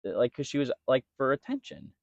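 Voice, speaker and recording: A man's voice: mid-range voice, fairly quick, no room sound, dull audio. A young man co-hosting a podcast, telling a story in casual chat and quoting people along the way. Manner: storytelling, animated quoting of others. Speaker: podcast co-host.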